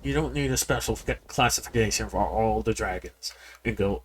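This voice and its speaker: A man's voice: lowish voice, brisk, few pauses, slight background noise. A man giving casual, rambling commentary while playing a game, often repeating words and talking straight to his viewers. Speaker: game streamer. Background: people yelling in the background.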